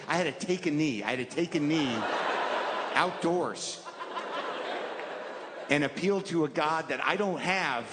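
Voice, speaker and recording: A man's voice: a little high, moderate pace, long pauses. A man in his fifties doing a stand-up routine, rambling in a neurotic, self-deprecating way and acting out little scenes. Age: 50s. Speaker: stand-up comedian. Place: comedy club stage. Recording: live stage recording with hall reverb and audience noise. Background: audience laughter.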